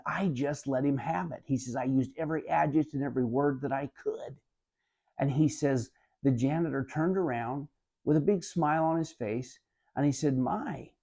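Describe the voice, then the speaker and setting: Motivational speaker, man, gravelly low tone, earnest storytelling, keeps saying "he said". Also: warm tone. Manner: retells an anecdote, repeating "he said" often; addresses listeners as "my friends". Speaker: motivational speaker summarizing a book. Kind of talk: earnest spoken book commentary.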